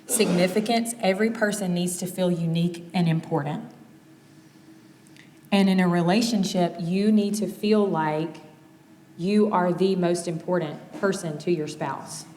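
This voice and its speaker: A woman in her thirties giving a candid, conversational talk on marriage, acting out quoted exchanges with animated energy. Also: on the low side, measured pace, slight background noise. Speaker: speaker teaching on marriage. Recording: long reverb of a large hall.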